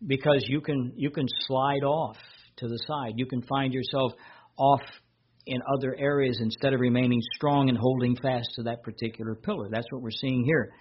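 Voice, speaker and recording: A man preaching a sermon as a pastor, rising in pitch and volume whenever he reads scripture aloud. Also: fairly even intonation, normal speed, muffled recording, a little hiss or hum.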